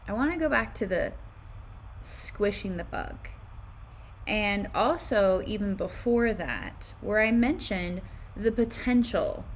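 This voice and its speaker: A woman teaching spirituality, leading listeners through a guided visualization with calm, reflective questions. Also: medium pitch, slight background noise.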